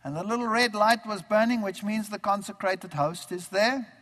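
Man preacher, high voice, lively storyteller who acts out the dialogue; long hall reverb. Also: moderate pace. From Germany. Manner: animated storytelling, acting out remembered dialogue. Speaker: preacher giving his testimony. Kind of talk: storytelling sermon testimony.

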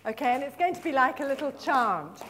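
A middle-aged woman leading a live teacher-training workshop in a conference room, lively and encouraging, praising the audience and drawing out words slowly as she repeats them. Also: high voice, slight background noise. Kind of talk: live workshop demonstration of storytelling with flashcards.

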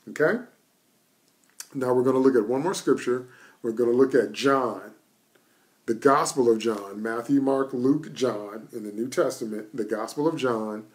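Southern American preacher, emphatic and declaring. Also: male voice, mid-range voice, a little mellow. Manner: reads scripture, then preaches with rising emphatic declarations. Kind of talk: sermon.

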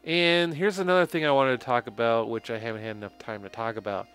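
A man's voice: medium pitch, fairly even intonation, fast, a bit bright, smooth. Sarcastic man doing game commentary. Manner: joking, sarcastic, laughs often. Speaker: let's play commentator.

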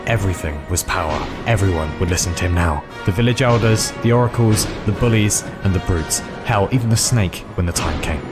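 A man narrating a fairy tale in a measured, dramatic reading. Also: sits low, over music. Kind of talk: storytelling narration.

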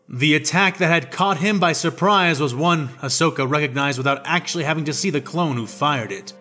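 A man narrating a fan fiction story in a steady, descriptive reading. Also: a little high.

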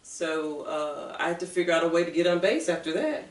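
Earnest woman, echoey and distant. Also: lowish voice. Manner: earnest, halting storytelling with restarts. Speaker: guest author. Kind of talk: personal story in an interview. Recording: echoey room, mic far off.

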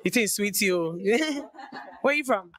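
A woman with a Nigerian accent hosting a dating game show, brisk and teasing as she directs contestants. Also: mid-range voice, lively intonation, noisy background.

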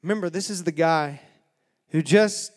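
Preaching a sermon in a church sanctuary, a male pastor tells a story in a dramatic, folksy style. His voice is a little high and his pace moderate, and the long reverb of the church hall fills the recording.

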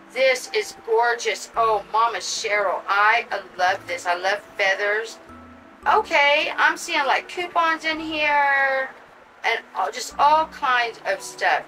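A woman vlogging an unboxing, gushing and excitable, cooing over a doll she pulls from the box. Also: fairly high pitch, distant mic, poor audio. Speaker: reborn doll collector vlogger. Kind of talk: casual unboxing vlog.

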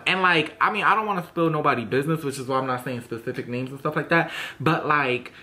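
A man's voice: fairly high pitch, fast, bright, forceful tone. Sassy young man ranting a storytime. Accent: New York. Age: young adult. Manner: sassy, dramatic, swearing freely. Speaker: vlogger. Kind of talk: storytime rant.

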